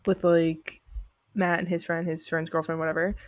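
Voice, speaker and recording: A young woman co-hosting a podcast, telling stories in a dramatic, animated casual chat. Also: on the low side, moderate pace, dry recording, studio quality. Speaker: podcast co-host.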